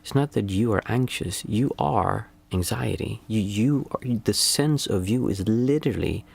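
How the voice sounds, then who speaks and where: Gravelly low-voiced meditation teacher. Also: male voice, a little slow, darkish tone. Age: young adult to middle-aged, father of small children. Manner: reflective, searches aloud for the right word. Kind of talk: casual spoken teaching on a livestream.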